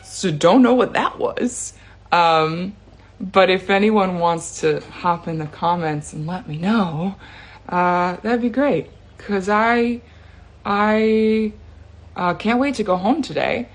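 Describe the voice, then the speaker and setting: This woman takes her time, her voice sitting on the lower side. In an easygoing, chatty way she shares a true scary experience of her own, using filler words and now and then laughing nervously.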